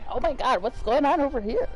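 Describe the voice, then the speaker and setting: A man's voice: very high-pitched, moderate pace, music in the background, low-quality recording. A man streaming a game, chatting casually with viewers; tired and giggly. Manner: giggly, drowsy, animated.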